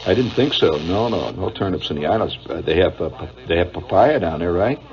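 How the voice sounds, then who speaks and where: In a deep voice and a little fast, a middle-aged man with a Midwestern American accent hosts a radio show, telling an animated, wry monologue. He digresses, chuckles, and says uh often, all captured on a dull lo-fi old broadcast with faint hiss.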